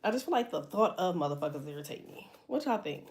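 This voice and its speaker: A woman's voice: on the low side, animated, fast talker, very noisy. A woman giving a casual tarot reading, blunt and profane, chatting freely with her viewers. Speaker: tarot reader.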